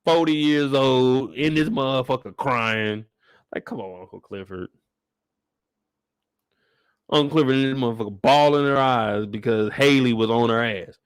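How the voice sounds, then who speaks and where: A man from Kansas City hosting a live after-show, giving animated, profane reaction commentary that breaks into laughs and loud rants at the characters. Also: medium pitch, normal speed, smooth, no room sound, studio quality. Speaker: show host.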